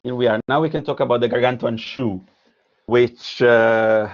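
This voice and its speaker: A man's voice: mid-range voice, fairly even intonation, moderate pace, dull audio. Italian-accented man giving an art lecture. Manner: hesitant, with frequent fillers and restarts. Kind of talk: lecture presenting slides, partly read aloud.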